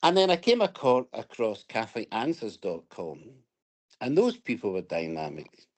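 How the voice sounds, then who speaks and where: A man's voice: fairly low pitch, huge pitch swings, moderate pace. A Scottish man from Scotland, a guest in an interview, telling his personal story in a reflective, storytelling way with hesitant restarts.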